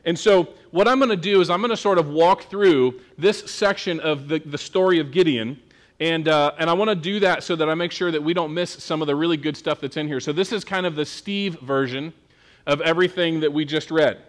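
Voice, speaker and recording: A man's voice: on the high side, brisk. A male pastor preaching a sermon in a casual, joking, conversational manner.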